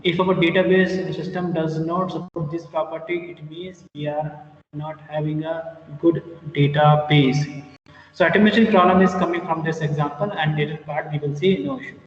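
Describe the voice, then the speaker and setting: A man giving a classroom lecture, explaining slowly with repetitions and fillers. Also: fairly high pitch, fairly even intonation. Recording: echoey room, distant mic, muffled.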